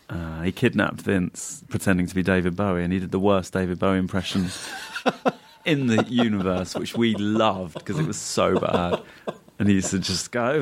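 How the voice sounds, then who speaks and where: A comedian guest chatting in a casual interview, his man's voice sitting very low with a gravelly, creaky texture. He rambles through anecdotes, laughing often and putting on silly voices when he quotes his friends. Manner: slips into animated voices when quoting friends.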